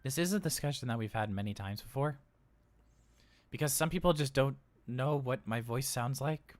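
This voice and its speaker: A role-player on a livestream voices a jittery, cheerful male robot daycare attendant who talks a lot, stammers, and rambles in a flustered way. His medium-pitched voice is lightly acted and moves at a moderate pace, with no echo.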